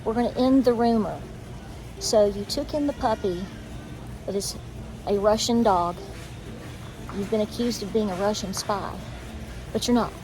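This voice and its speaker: This folksy homestead host from East Tennessee talks in a mid-range voice at a moderate pace, with long pauses and background noise. She's filming a casual vlog on a handheld phone at arm's length, calling people honey, inside a car and later in a busy store.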